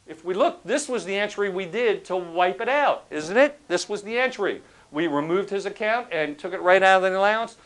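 A male professor lecturing in a relaxed, conversational way, his voice sitting a bit higher than most men's. He checks in with the class often and drifts into stories to make a point. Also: fairly quick, hardly any pauses. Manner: conversational, asks the class questions; tells anecdotes to make a point. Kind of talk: recorded accounting lecture.

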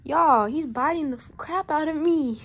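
A woman's voice: high-pitched, unhurried. A teenage girl vlogging her school day to viewers on a phone camera, talking in a loose, slangy, chatty way. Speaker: student vlogger. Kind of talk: casual vlog chat to camera.

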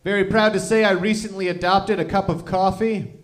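A man doing stand-up comedy on a club stage, delivering deadpan one-liners. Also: high voice, a little fast.

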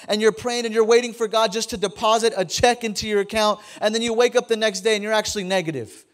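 A man's voice: sits high, fairly even intonation, fast talker, few pauses. A man in his thirties preaching a casual, joking sermon to his congregation in a church, often stammering and repeating words. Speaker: pastor. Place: church sanctuary.

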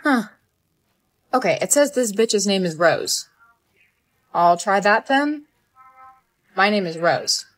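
A young woman acting in comedy skits, sassy and expressive. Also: mid-range voice, takes it slowly, long pauses, faint music behind. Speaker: lead in skits.

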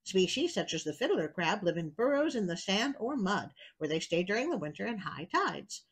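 A woman's voice: medium pitch, very animated, moderate pace, husky, poor audio. A woman hosting a storybook reading, breaking off for wry, chatty asides. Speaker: storyteller host.

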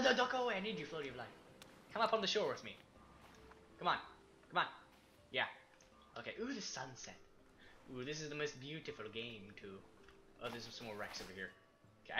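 A young man casually commenting as he plays a survival game, chatty and excitable, talking to himself and the objects in it. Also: sits high, slight background noise. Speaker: gaming YouTuber. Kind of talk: casual let's-play commentary.

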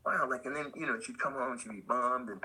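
A man's voice: medium pitch, quick pace, sharp tone, a little hiss or hum, poor audio. An older man, a skateboard company owner and podcast guest, telling rambling stories in casual conversation with lots of fillers. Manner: rambling, loose and anecdotal with many fillers.

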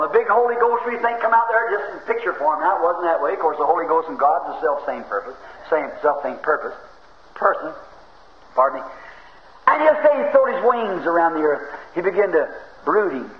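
A fervent, high-voiced preacher, swinging between ringing shouts and low, folksy asides. He is captured on a dull, hissy old tape in a roomy church. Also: lively intonation, a little fast. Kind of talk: sermon.

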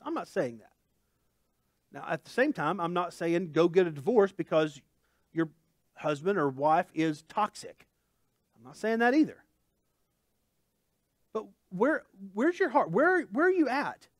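A male pastor giving a conversational sermon, animated and full of asides and jokes. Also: sits high, a little slow, long pauses, dry recording, clean studio sound. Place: church.

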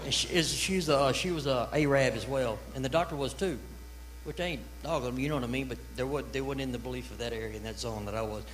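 A man, an evangelist telling his testimony in a church revival sermon, building from storytelling to shouted praise. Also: mid-range voice, quick pace, slight background noise, low-quality recording.

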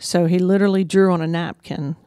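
A woman's voice: on the low side, steady tone, brisk, warm tone, clear, resonant tone, no room sound, studio quality. A woman, hosting and telling a personal story in a candid, emotional, conversational way. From Georgia, USA. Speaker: host.

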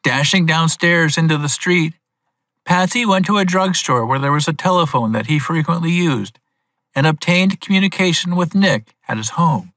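A man narrating a storybook audiobook for English learners, clear and steady. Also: on the high side, normal speed, dry recording.

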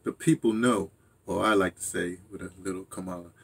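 A man's voice: sits low, a little fast, gravelly, fairly bright tone, breathy edge. An older man rambling through a casual monologue as host of his own channel, interrupting himself and chuckling at asides. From United States.

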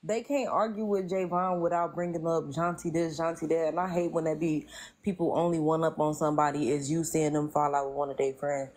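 A woman's voice: deep voice, fairly even intonation, fairly quick, darkish tone. A young woman in a casual live stream chat, outspoken and often laughing, talking through a phone.

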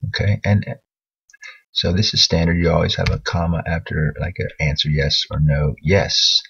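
Deep husky man teaching writing. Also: fairly even intonation, moderate pace, fairly bright tone, lo-fi sound. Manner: patient, thinking aloud while editing. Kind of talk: screen-recorded writing lesson.

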